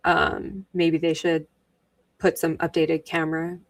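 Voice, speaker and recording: New york lady streaming, snarky and laughy, bit low voice, dry sound a little off the mic. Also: level tone, a little slow, creaky, no room sound, distant mic. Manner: chatty, sarcastic, laughs often. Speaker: livestream host. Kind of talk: casual commentary while rewatching a trial. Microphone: wearing headphones.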